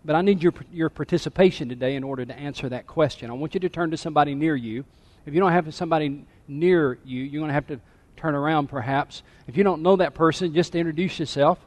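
A fairly high-voiced man preaches to his congregation, swinging between near-whispers and emphatic calls. His voice rings through a church sanctuary with a long reverb tail. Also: quick pace, hardly any pauses. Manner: dynamic, drops to a hush then rises to emphatic. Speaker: pastor. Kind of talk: sermon.

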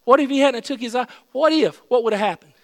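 High-voiced preacher in a reverberant hall. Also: male voice, quick pace. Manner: playful storytelling, rising to excited shouts. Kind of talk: sermon. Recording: long hall reverb with mains hum.

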